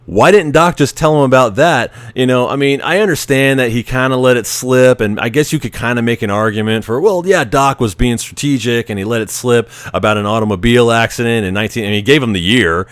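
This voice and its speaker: A man's voice: medium pitch, brisk, hardly any pauses, smooth, dry recording. A man hosting a show, chatting casually about a film, rambling and often restarting his sentences. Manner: rambling, restarts often, acts out quoted lines. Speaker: podcast host. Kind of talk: casual movie commentary.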